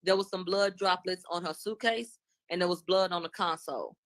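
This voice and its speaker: A woman's voice: on the low side, moderate pace, fairly bright tone. A woman commentator in a casual spoken recap, retelling questions and answers one after another. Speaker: commentator recapping court testimony.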